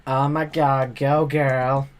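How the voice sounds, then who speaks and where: Woman, low voice, sarcastic, exasperated, live reaction commentary. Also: flat delivery, slow, soft background music. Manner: sarcastic, exasperated, jumps into loud high exclamations. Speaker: live streamer reacting to a TV show.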